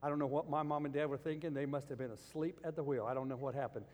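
A man's voice: on the high side, fairly even intonation, quick pace, darkish tone. A male pastor preaching a sermon, telling a story and building to emphatic peaks. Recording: long reverb of a large hall.

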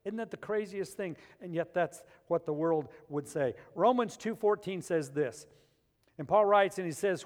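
High-voiced pastor preaching in a reverberant church. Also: male voice, unhurried. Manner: animated preaching with dramatic shifts in loudness. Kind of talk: sermon. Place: church sanctuary. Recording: long church hall reverb.

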